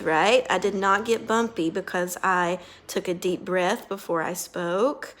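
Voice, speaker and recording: A woman speech therapist guiding a child through a lesson, speaking slowly and deliberately and praising gently. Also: lowish voice.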